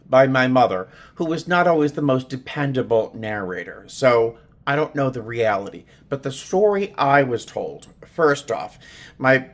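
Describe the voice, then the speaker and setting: A middle-aged man talks in a relaxed personal vlog from his small home studio. His voice sits at an ordinary male pitch, and he rambles earnestly with plenty of fillers and restarts. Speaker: vlogger.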